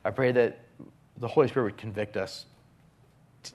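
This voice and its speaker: A man preaching a sermon as a pastor, earnest, often dropping his voice to a hushed whisper on key phrases. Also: fairly low pitch, fairly even intonation, fairly quick.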